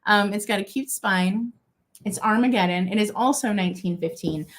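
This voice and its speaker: A woman's voice: medium pitch, normal speed. A young woman from Minnesota hosting a live-stream vintage auction, chatty and gushing, with lots of fillers and asides.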